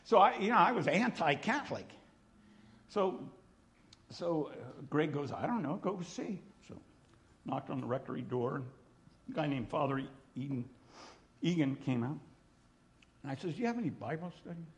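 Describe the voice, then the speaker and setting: A middle-aged man preaching, telling his testimony in an animated storytelling manner, acting out voices and sometimes shouting. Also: fairly high pitch, normal speed, long pauses. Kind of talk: sermon testimony.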